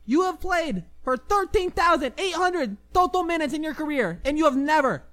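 Woman co-host, comedy podcast; very high voice, brash and boastful. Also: lively intonation, moderate pace, fairly bright tone. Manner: brash boastful banter, over-the-top. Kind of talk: mock trash-talk comedy podcast.

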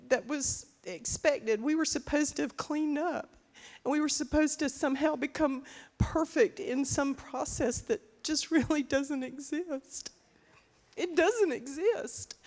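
A woman's voice: high voice, a little mellow. A middle-aged woman, speaking as a co-pastor to her congregation in an earnest, rambling way with many restarts. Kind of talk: sermon talk to a congregation. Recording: reverberant church hall.

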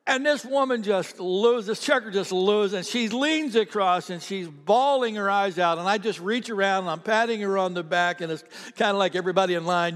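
A man's voice: high-pitched, fairly bright tone, in a large hall. A man preaching a sermon as a pastor, telling a story conversationally and repeating phrases for emphasis.

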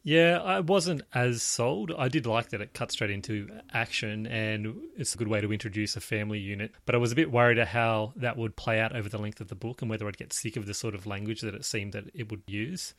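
A man co-hosting a book podcast, measured and a little hesitant in his opinions. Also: fairly low pitch, steady tone, fairly bright tone, dry recording. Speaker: podcast co-host. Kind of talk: casual book discussion.

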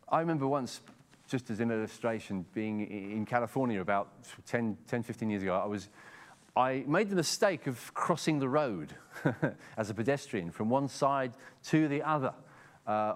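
A middle-aged Englishman with an English accent preaching a sermon in a conversational way, often repeating words as he starts a sentence. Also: mid-range voice. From England.

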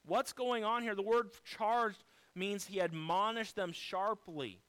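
High-voiced, smooth-toned preacher man. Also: slow, a bit bright, poor audio. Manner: emphatic preaching with rhetorical questions. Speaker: pastor. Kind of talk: sermon.

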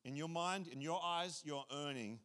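A male pastor preaching a sermon in a lively, casual, joking way, often repeating his phrases. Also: a little high, normal speed, clean tone.

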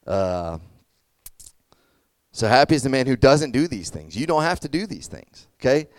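Casual young man preaching, smooth voice. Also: medium pitch, big pitch swings, moderate pace, dry recording. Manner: conversational, lots of fillers and "okay?" check-ins. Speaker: youth pastor. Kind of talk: casual sermon.

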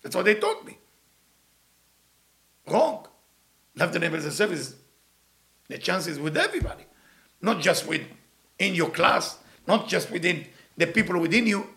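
Animated gravelly man teaching. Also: high-pitched, moderate pace, pauses often. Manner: emphatic, repeats points with rhetorical questions. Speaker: Torah teacher. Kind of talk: animated Torah lesson.

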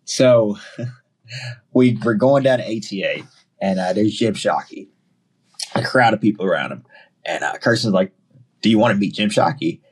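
Husky-voiced Southern man telling stories. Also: on the low side. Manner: animated, quotes himself and others in quick bursts. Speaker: podcast guest. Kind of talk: casual storytelling chat.

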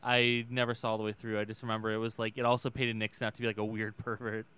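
A man co-hosting a podcast in casual chat, halting and stumbling over his words. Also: fairly low pitch, flat delivery, bright, forceful tone, clean tone. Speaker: podcast co-host.

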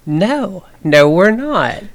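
Earnest woman explaining, middle pitch. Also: very animated, extremely slow. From Southern United States. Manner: earnest, explanatory, with many fillers and restarts. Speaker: podcast co-host. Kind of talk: casual podcast chat.

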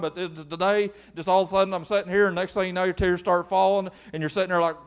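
A man's voice: sits high, steady tone, quick pace, hardly any pauses, smooth. A male pastor preaching a folksy sermon to his congregation in church. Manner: folksy, acts out quoted voices.

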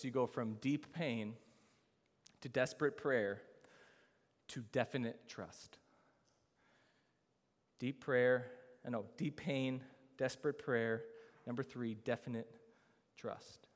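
Speaking slowly and pausing often, a pastor with a steady, mid-range voice delivers a sermon in the church sanctuary. He builds emphasis and asks the congregation rhetorical questions, his words trailing in the long reverb of the big hall.

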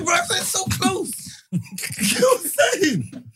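High, lively man telling stories. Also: measured pace, over music. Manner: animated storytelling, laughing, London slang. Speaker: podcast co-host. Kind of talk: casual banter.

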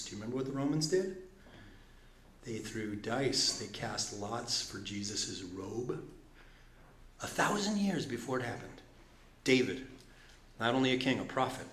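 A man's voice: mid-range voice, lively intonation, a little slow, pauses often, a bit bright. A man preaching a sermon, joking with his listeners and reading scripture aloud with rising intensity. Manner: playful, laughing asides, reads scripture with rising intensity. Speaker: pastor. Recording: roomy echo.

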